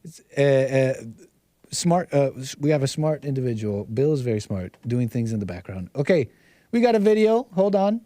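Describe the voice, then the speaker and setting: A man's voice: medium pitch, very animated, a little fast, mellow, no room sound. A man hosting a livestream, reacting to videos with rambling, repetitive, mocking commentary. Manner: rambling, repeats himself, mocking asides. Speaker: livestream host.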